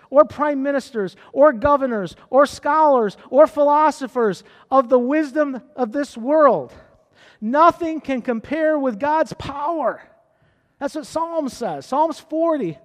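High-voiced preaching pastor, hall reverb. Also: male voice, a little slow. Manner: preaching with rising excitement and exhortations. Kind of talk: sermon.

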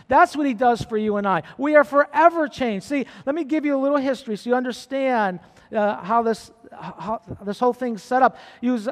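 A man preaching a sermon as pastor, impassioned, swinging between quiet asides and chanted, shouted praise. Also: very high voice. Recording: long hall reverb.

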